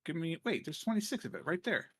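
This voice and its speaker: A man's voice: on the high side, animated, fast talker, vocal fry, husky. A man streaming a game, chatting casually and muttering to himself as he crafts items. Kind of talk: casual gameplay chat.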